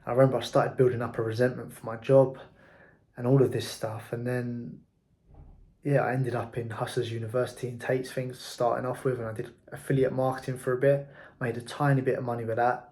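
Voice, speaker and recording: A man's voice: medium pitch, little pitch movement, fairly quick, a little mellow. A man, speaking candidly in a reflective personal monologue about his working life. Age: 20s. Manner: candid, frank, occasional swearing. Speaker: entrepreneur vlogger.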